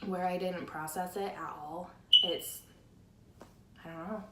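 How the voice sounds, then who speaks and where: A woman with a fairly low, fairly even voice speaks unhurriedly, her tone pushed and bright, as she rambles candidly about grief and says "like" often. She's a guest friend, captured by a tablet camera in an echoey room with slight background noise.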